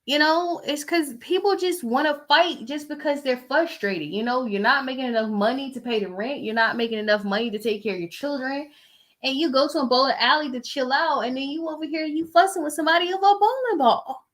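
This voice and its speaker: A woman in her thirties reads the news aloud and comments on it in a casual, blunt way. Her voice is bright and a little high, and she often sighs and speaks with plain emotion. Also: a little fast. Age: 30s. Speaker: vlogger reading the news.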